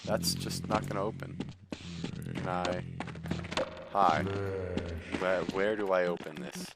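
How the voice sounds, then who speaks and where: A young man giving jokey, excitable commentary while playing a video game, talking back at the enemies on screen. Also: low voice, slow pace, vocal fry, heavy background noise. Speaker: gaming YouTuber. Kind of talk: let's play commentary. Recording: loud game music over voice.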